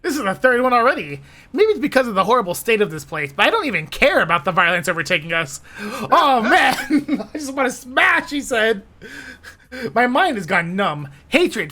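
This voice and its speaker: A woman's voice: medium pitch, very animated, normal speed, sharp tone, soft background music. A woman streamer narrating a visual novel read-along with a giggly, playful, chatty manner.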